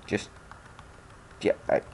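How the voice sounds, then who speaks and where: A man's voice: slow pace, background noise. A young man commentating a video game he is playing, irritable and frustrated, grumbling and swearing as he plays. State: angry, frustrated. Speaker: let's play commentator. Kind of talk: casual gameplay commentary.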